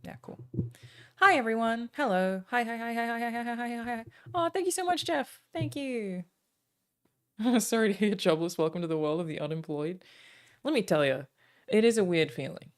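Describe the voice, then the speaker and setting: A woman from Australia, speaking, chats casually with her stream viewers, thanking them by name between stretches of talk with frequent "um" pauses. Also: a little high, lively intonation.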